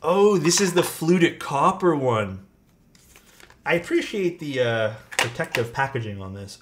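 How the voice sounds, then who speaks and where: A man's voice: on the high side, big pitch swings, measured pace, slight background noise. A man talking casually on a live stream as he unboxes keyboard parts and thanks his chat. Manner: thanks chat, muses aloud while unboxing. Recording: faint music behind.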